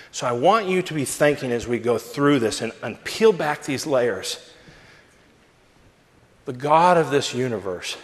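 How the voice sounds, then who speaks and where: A man preaching a sermon and telling a personal story with animated, self-mocking delivery. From Southern California. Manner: lively storyteller, big pitch swings, self-mocking. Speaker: pastor. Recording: long hall reverb.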